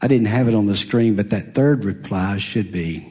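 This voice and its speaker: A man preaching a sermon, earnest and confessional, swinging from raised emphatic peaks down to near-whispered hushes. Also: normal speed. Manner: emphatic, rising high then dropping to near-hush.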